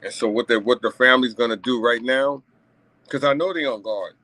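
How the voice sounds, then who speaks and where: A man's voice: mid-range voice, brisk, bright, forceful tone, no room sound, poor audio. A man talking to his viewers in a casual commentary monologue, emphatic and repetitive, checking in with asides and chuckling between points. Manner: emphatic and repetitive, frequent "you know what I'm saying" asides. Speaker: vlogger commenting on a news story.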